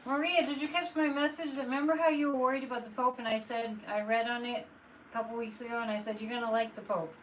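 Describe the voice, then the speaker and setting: A woman's voice: a little high, flat delivery, fast. A woman hosting a casual live stream as a psychic, chatting in a loose, exasperated way and answering viewer comments as she goes. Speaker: psychic livestream host. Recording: distant mic with faint room noise.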